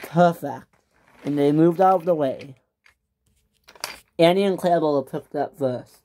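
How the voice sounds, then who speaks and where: A woman narrating a toy train story off the cuff, halting and stumbling over words. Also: deep voice, dark tone, slight background noise. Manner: halting, with slips and restarts.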